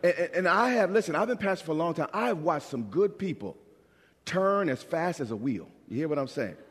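Male pastor, fairly high voice, animated sermon delivery with call-and-response, long hall reverb. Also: brisk, slightly rough. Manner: preaching with call-and-response questions to the congregation; animated, acts out quoted voices.

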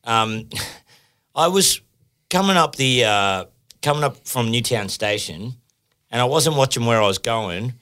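A man's voice: medium pitch, unhurried, pauses often. A man, a podcast co-host, telling a sweary story in casual chat and acting out the voices. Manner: animated storyteller, swears, acts out voices in anecdotes.

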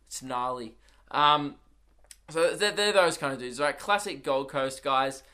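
Australian comedian, young, slightly high bright voice, rambling anecdotal podcast chat. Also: male voice, unhurried. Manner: rambling, swearing, anecdotal storytelling. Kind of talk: casual solo podcast chat.

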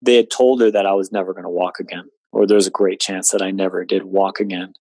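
A man's voice: sits low, level tone, quick pace, warm tone, no room sound. A man in his late twenties earnestly recounting a personal story in conversation, with many fillers. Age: 20s. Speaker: guest telling his story.

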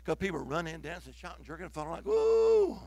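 A man's voice: a little high, very fast, gravelly, a bit bright, no echo. A man preaching a revival sermon, exhorting the congregation with fervent calls of hallelujah.

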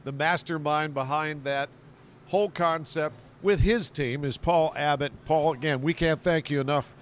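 An upbeat man hosts a podcast from inside a grocery store, thanking his guests and plugging products. His voice sits slightly high, with faint store noise behind. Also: steady tone, normal speed. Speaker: podcast host. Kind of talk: casual podcast hosting.

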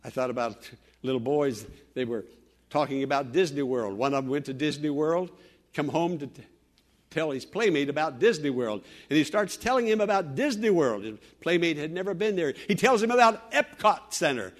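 Older preacher, emphatic and storytelling. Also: male voice, a little high, lively intonation, normal speed. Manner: emphatic, swinging from loud declarations to hushed storytelling. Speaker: pastor. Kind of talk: sermon.

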